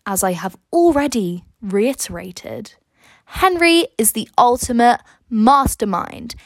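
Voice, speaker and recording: A woman's voice: medium pitch, no echo. A young woman hosting a casual history revision podcast, chatty and jokey, talking close to the mic. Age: young adult. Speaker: student podcast host.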